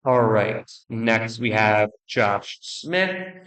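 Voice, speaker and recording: A young man ranking baseball players in casual commentary, blunt and joking, rambling with restarts and quick apologies. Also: on the low side, expressive, a bit bright, low-quality recording. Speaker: baseball video creator.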